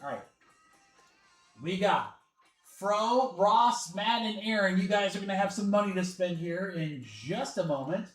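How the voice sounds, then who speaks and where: A man's voice: high voice, lively intonation, unhurried, a bit bright. A man hosting a live card break, chatting casually and calling out names and teams as he goes. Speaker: sports card break host. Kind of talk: casual livestream chat. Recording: echoey room with faint music. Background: faint background music.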